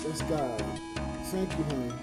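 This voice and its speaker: A drunk man with a high voice pours out his feelings to his viewers in a raw, ranting livestream chat. The room is echoey, with music playing clearly behind him. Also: a little slow. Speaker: livestreamer and comedian. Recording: roomy echo with music behind.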